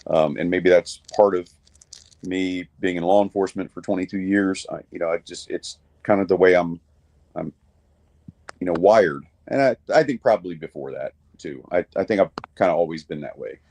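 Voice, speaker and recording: A man's voice: low-pitched, normal speed, a little mellow. A middle-aged man, a guest musician on a video call, chatting casually in a rambling way with frequent restarts and the odd swear word. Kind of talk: casual chat.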